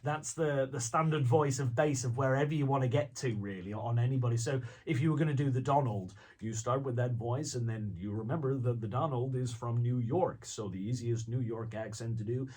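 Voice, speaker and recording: Husky-voiced man, rambling radio guest. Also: mid-range voice, a little fast, hardly any pauses, warm tone. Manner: rambling, many restarts, chuckles often. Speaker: guest, impressionist and voice-over artist. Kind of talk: casual radio chat. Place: radio studio.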